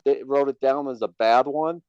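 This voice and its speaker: A man's voice: medium pitch, moderate pace, clean tone, no room sound, highs cut off. A man co-hosting a casual podcast, stammering and repeating words with dry teasing. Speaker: podcast co-host.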